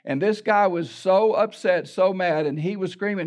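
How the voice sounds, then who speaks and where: An older pastor preaches a sermon in a fairly high voice. He tells a story from his own life, acts out the people he quotes and repeats words as he goes. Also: a little slow, darkish tone.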